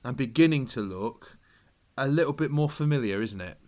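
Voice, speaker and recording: A man's voice: medium pitch, expressive, normal speed, darkish tone. A man co-hosting a casual football podcast, talking in a rambling, hesitant way with many restarts. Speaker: podcast co-host.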